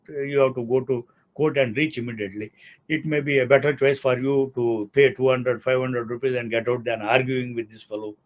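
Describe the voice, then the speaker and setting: A man in his sixties with an Indian English accent, a law professor giving an explanatory lecture and often using "see" and "okay". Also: mid-range voice. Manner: explanatory, repeats key words, uses "see" and "okay". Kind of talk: academic lecture.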